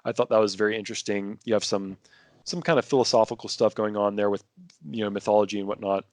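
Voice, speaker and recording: A man's voice: on the low side, steady tone, fast, no room sound. A man talking casually as a podcast guest, rambling with many restarts and fillers. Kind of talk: casual conversation.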